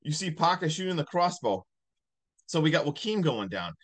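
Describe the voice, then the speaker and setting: Animated man recapping a movie. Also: on the high side, normal speed. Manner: rambling, animated retelling with many likes. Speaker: podcast host.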